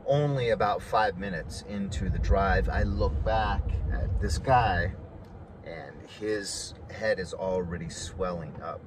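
A man's voice: deep voice, slow. A man telling a story in a casual, rambling way, full of fillers and restarts. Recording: clear outdoor traffic noise behind.

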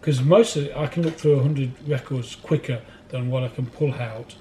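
This record collector, interviewed in a record warehouse, tells rambling anecdotes while laughing and acting out other people's voices. His medium-pitched male voice has a dark tone and normal speed, with a little hiss or hum.

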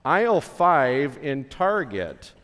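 Slow, earnest man preaching in a reverberant chapel. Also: fairly high pitch, big pitch swings, a bit bright. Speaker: pastor. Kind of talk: chapel sermon. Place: school chapel. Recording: long hall reverb.

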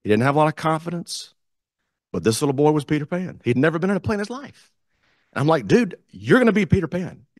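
A man telling a story as guest speaker at a club meeting, animated, acting out the quotes. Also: a little high, quick pace, dry recording, clean studio sound. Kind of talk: storytelling speech. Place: meeting room.

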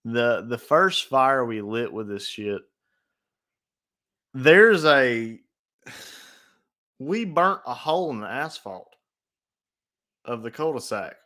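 A man's voice: medium pitch, animated, slow, long pauses, sharp tone. Young man stumbling through casual chat. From North Carolina. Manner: stumbling restarts, blunt crude humor. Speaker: podcast co-host.

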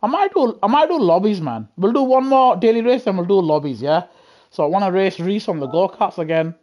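A man streaming a racing game, talking casually to his chat, reacting loudly to the race and joking with viewers in slang. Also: high voice, animated, fairly quick. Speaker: live-streaming sim racing gamer. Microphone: gaming headset.

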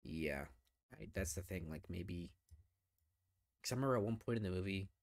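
A man co-hosting a podcast, reviewing films in a relaxed, hedging, rambling way. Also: low voice, moderate pace, a little hiss or hum. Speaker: podcast co-host. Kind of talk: casual film review chat.

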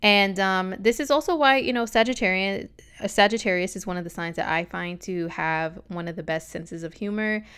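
A woman's voice: lowish voice, fairly bright tone, clear, resonant tone. A woman talking casually on a vlog, giving a chatty, sassy astrology reading full of slangy asides.

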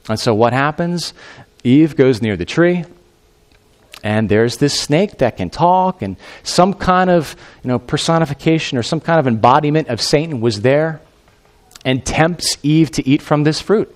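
A male pastor preaching a sermon in a conversational, animated way, with fillers like "you know" and "I mean". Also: on the high side, unhurried.

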